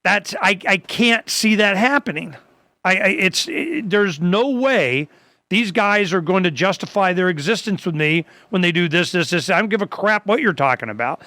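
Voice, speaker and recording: A man hosting a talk radio show, his voice pitched high and bright. He rambles loosely, stumbles over restarts, and leaps into animated quoted dialogue. The sound is close and dry. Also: normal speed, no room sound. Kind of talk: casual talk radio conversation.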